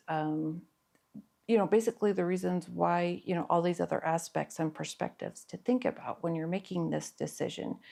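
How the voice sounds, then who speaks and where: A middle-aged woman therapist speaks in a somewhat low voice. She explains parenting advice in an earnest, patient way, pausing with fillers as she thinks. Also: gravelly, a little mellow. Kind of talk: educational talk to camera.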